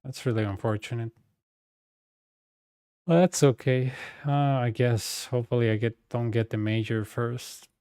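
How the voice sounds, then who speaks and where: A young male streamer talks casually over his gameplay, telling stories in a relaxed, chatty way. His voice is warm and smooth, recorded dry and close with no room sound. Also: medium pitch, measured pace, long pauses, no echo. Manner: chatty storyteller, loose and conversational. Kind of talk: casual chat while playing a game.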